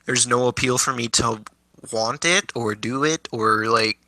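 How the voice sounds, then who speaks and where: A man's voice: medium pitch, unhurried, sharp tone, no echo, poor audio. A man as a guest in a casual chat, blunt and casually swearing, with many hesitant fillers.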